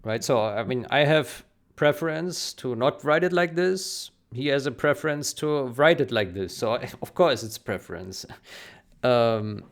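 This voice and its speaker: A man thinking aloud as he types a reply to a code review on a programming stream, slow and hesitant, with many fillers and restarts. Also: mid-range voice, animated.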